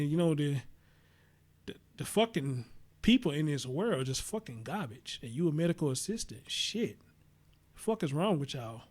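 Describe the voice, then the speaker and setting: A Southern-accented man hosting a casual livestream, reading an article aloud and talking bluntly and profanely to his chat. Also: high-pitched. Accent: Southern American. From American South. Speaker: host.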